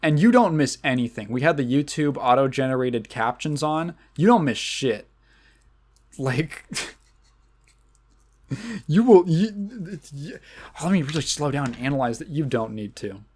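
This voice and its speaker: A man's voice: medium pitch, normal speed. A man hosting a podcast, ranting casually about a movie in a rambling, sarcastic way, with frequent restarts and self-corrections. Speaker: podcast host.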